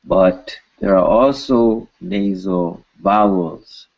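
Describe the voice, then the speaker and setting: A man's voice: deep voice, very slow, darkish tone, muffled recording. A man teaching pronunciation, patiently repeating each word several times. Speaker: language teacher. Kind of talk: pronunciation lesson.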